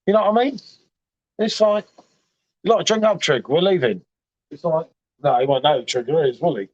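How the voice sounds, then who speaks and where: A man's voice: a little high, a little fast, dull audio. Tipsy, matey man on a stream. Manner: matey, repeats himself, says "mate" a lot. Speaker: livestream host. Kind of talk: casual chat.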